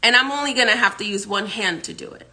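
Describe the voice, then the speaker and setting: A woman voicing a calm, confident male spiritual teacher who speaks softly and firmly. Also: sits high, quick pace. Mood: teasing. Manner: calm, quietly defiant.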